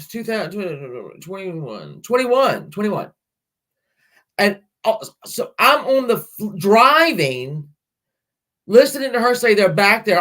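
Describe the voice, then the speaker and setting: A woman's voice: medium pitch, a bit bright. A middle-aged woman hosts a casual livestream, talking straight to her viewers. She rambles from one story to the next, laughs a lot and lets a mild swear word slip now and then. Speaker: livestream host.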